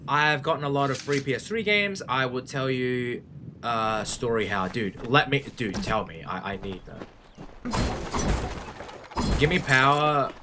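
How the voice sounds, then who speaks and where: A young Australian man chatting casually with his viewers while playing a game on a live stream, rambling, swearing and getting excited. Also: medium pitch, unhurried, background noise. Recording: music playing behind the voice.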